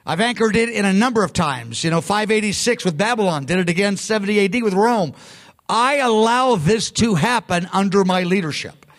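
A high-pitched, animated man preaches briskly, talking through his sermon in a conversational, emphatic manner. He keeps interrupting himself, abandoning sentences and beginning them anew.

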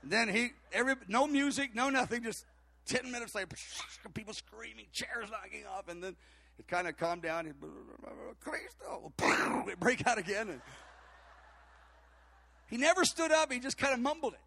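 An older man with a very high-pitched voice and some vocal fry preaches at a normal pace. His sermon is a long personal story, delivered in animated, rambling anecdotes full of fillers and restarts.

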